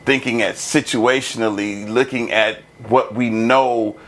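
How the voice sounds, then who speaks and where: A man hosting a casual panel discussion, animated and laughing often as he talks. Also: medium pitch, unhurried, slight background noise. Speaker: podcast host.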